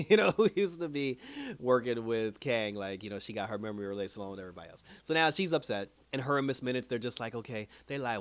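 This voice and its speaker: Male reviewer, casual recap, rambling delivery with frequent laughs, mid-pitched voice. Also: a bit bright, dry recording. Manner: rambling, laughs often, drops into quoted lines. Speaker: TV episode reviewer.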